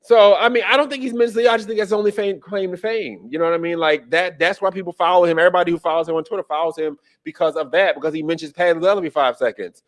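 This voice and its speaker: A man's voice: sits high, fairly even intonation, very fast, few pauses. A man hosting a casual political commentary podcast, ranting with profanity and incredulity and laughing as he goes. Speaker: podcast host.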